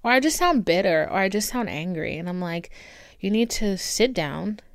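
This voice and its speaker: A woman hosting her own podcast alone at home, talking candidly and swearing freely, with warm pep-talk asides to her listeners. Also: mid-range voice, expressive, normal speed, dry recording. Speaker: podcast host. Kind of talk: casual solo podcast monologue. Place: indoors at home with her dog. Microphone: camera recording.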